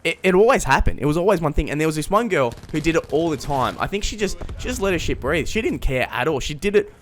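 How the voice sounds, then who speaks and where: A man's voice: fairly high pitch, animated, fast talker, slight background noise. A young man telling a rambling, self-mocking story in a casual comedic vlog, chuckling mid-sentence. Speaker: vlogger.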